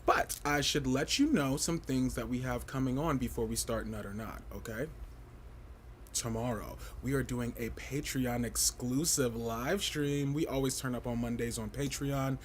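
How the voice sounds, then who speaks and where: Man, livestream host, mid-range voice, campy, sassy, playful, big pitch swoops, casual chat. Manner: sassy and outspoken. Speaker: livestream host of a fashion review show.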